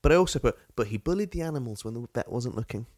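A man's voice: medium pitch, fast, dry recording. A man co-hosting a comedy podcast, teasing and steering the jokes. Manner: lively, steers the bits, teasing. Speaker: podcast co-host. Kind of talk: comic improvised chat.

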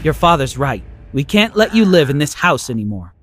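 A man's voice: fairly high pitch, big pitch swings, normal speed, a bit bright. A man voicing a middle-aged mother who speaks sternly and in disbelief. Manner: stern, incredulous.

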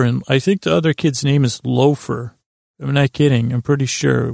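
A man hosting a podcast who recaps an episode in a rambling, halting way, full of fillers and restarts. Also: medium pitch, fairly even intonation, creaky, darkish tone, dry recording, clean studio sound. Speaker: podcast host.

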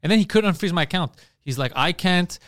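Here a male podcast co-host talks casually, acting out quoted voices and swearing a lot as he tells animated stories. His high-sitting voice is fast, and the recording is dry.

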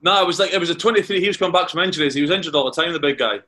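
Racing along in a fairly high, bright, forceful voice, a man from Carnoustie, Scotland, swaps anecdotes as a podcast guest. The ex-footballer's rambling tales are peppered with false starts and repeated words.

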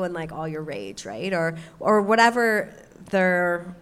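A woman co-hosting a casual advice chat, speaking haltingly with stammering restarts and many fillers. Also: on the low side, clear, resonant tone.

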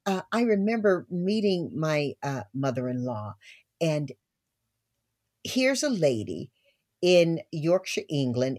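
An older woman from the American South, a guest telling family stories in an expressive, laughing way. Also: low voice. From Southern United States. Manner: expressive, laughing storyteller, warm asides. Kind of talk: storytelling interview talk.

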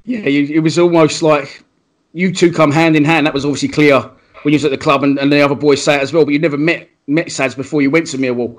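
Quick, matey interviewer. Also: male voice, on the high side, fairly even intonation. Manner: matey, casual questions. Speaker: interviewer, podcast host. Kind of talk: casual interview chat.

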